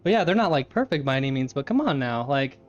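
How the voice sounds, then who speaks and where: A man's voice: medium pitch, big pitch swings, fast, lo-fi sound, soft background music. A man live-streaming from his home kitchen, chatting casually with his chat, laughing often and eating as he talks.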